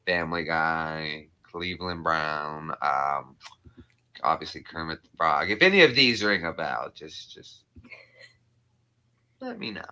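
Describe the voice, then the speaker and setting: A man's voice: rumbling low, expressive, slow pace, pauses often, sharp tone, smooth. A young man hosting a livestream in casual chat, with a playful, jokey way of talking. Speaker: livestream host.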